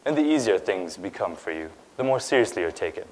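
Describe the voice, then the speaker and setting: Low-voiced young man telling a story. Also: very animated, fast, poor audio. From India, grew up in Dubai. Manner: conversational, lots of "um" and "right?". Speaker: speaker giving a talk. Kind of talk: personal storytelling talk. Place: lecture stage.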